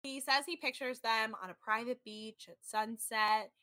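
Animated, bright-voiced woman podcaster. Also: on the high side, a little slow, dry recording. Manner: animated storytelling, frequent "like", acts out quotes. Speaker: podcast co-host. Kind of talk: casual chat recapping a reality show.

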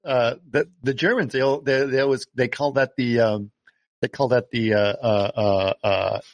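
A man's voice: medium pitch, fairly even intonation, measured pace, dry recording, highs cut off. Chatty man, dry close sound. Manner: laughs often, many fillers and restarts. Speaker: podcast co-host. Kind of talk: casual chat about films.

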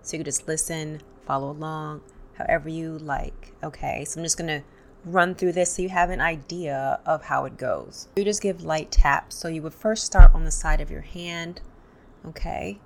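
Low, gravelly-voiced woman guiding tapping. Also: normal speed, slight background noise. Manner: calm, repeats affirmations for listeners to echo. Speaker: tapping instructor. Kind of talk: guided tapping session.

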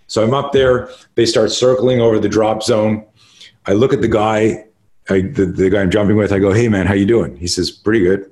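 Low-voiced man telling stories. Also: normal speed. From Canada. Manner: profane, animated storytelling. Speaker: podcast guest, martial artist. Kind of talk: casual storytelling.

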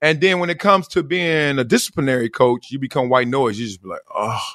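A middle-aged man hosting a solo podcast, talking in slang, laughing often and acting out quotes with sudden loud bursts. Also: a little fast, dry recording, clean studio sound. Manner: animated, acts out quotes with big jumps in pitch and loudness. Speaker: podcast host. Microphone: close studio mic.

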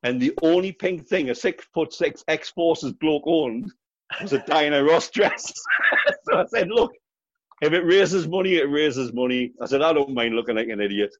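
A middle-aged Geordie man tells stories as an interview guest, cheerful and quick to laugh. His voice sits at an ordinary pitch. The sound is dry and a little dull. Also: expressive, no room sound. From North East England. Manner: chatty storyteller, laughs often. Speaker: guest, charity fundraiser runner. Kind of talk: casual interview chat.

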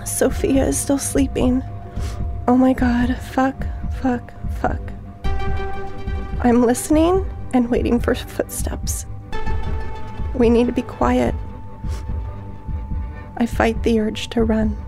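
A woman eyewitness reading from her journal in a hushed, halting way that drops to breathy whispers, then talking casually at home. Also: on the high side, steady tone, faint music behind. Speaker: eyewitness guest.

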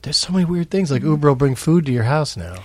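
A man's voice: fairly high pitch, animated, fast talker, dry recording. A man hosting a casual podcast chat, making dry, wry asides. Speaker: podcast host.

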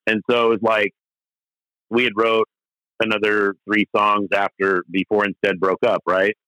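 Middle-aged guy musician rambling thru band stories, bright forceful voice, dry close sound, lots of um and restarts. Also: lowish voice, level tone, measured pace, dry recording, poor audio. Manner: rambling, many restarts and fillers, candid and profane. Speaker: interview guest, musician. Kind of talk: casual storytelling interview.

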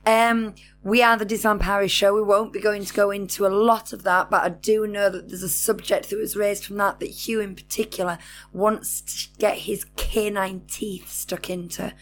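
A woman's voice: mid-range voice, level tone, moderate pace, faint music behind. A woman co-hosting a casual live chat show, bubbly and chatty. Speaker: co-host.

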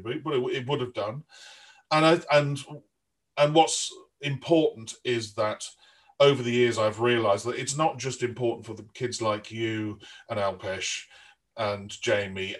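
A man hosting a podcast interview, chatting in a rambling way with frequent restarts. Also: medium pitch. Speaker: podcast host. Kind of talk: casual interview chat.

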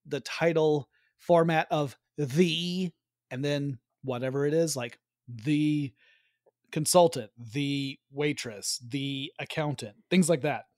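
A man with a fairly high voice, co-hosting a casual chat and chuckling as he goes. He sounds relaxed and loose and trails off at times. The sound is dry and close, with no room around it. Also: slow, dry recording. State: hiccups. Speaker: podcast co-host.

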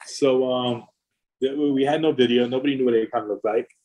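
A man's voice: medium pitch, fairly even intonation, brisk, dark tone, poor audio. A middle-aged man, a record label founder, telling long profane anecdotes in a casual interview.

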